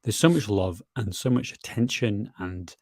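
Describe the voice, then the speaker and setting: Male podcast co-host, slightly low voice, dry close sound, halting casual chat. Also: no room sound. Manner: halting, repeats words while searching for them.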